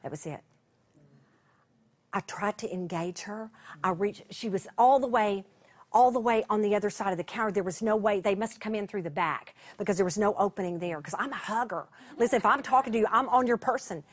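A woman, a Bible teacher telling a personal story to her broadcast viewers. She talks in a chatty way, restarts her sentences and laughs at herself, and she drops to a hush at tender moments. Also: medium pitch, brisk.

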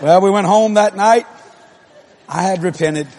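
A man's voice: high-pitched, measured pace, darkish tone, slight background noise. A man preaching a humorous sermon, telling a story in a blunt, folksy way, laughing often and mimicking voices and sounds.

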